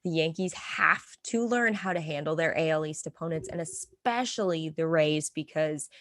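A woman's voice: deep voice, moderate pace, fairly bright tone, no echo, studio quality. A young woman co-hosting a casual sports chat, chatty and laughing often as she tells stories. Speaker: podcast co-host.

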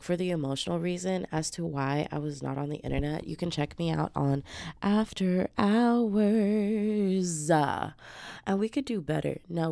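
A woman's voice: sits low, vocal fry, warm tone, dry recording. A woman hosting her own podcast while sick with the flu, chatting casually in a slangy, profane way and calling her listeners babes. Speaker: podcast host. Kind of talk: casual solo podcast chat.

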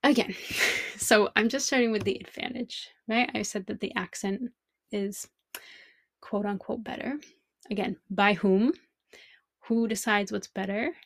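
A woman's voice: mid-range voice, unhurried, vocal fry, dry recording. A woman language teacher hosting a podcast, thinking aloud in a reflective monologue full of rhetorical questions.

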